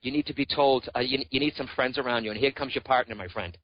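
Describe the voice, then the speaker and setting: A man's voice: medium pitch, fast, dry recording, dull audio. A man giving a psychic reading on a radio show, talking in an earnest, reassuring way and often calling the caller by name. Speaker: psychic medium guest.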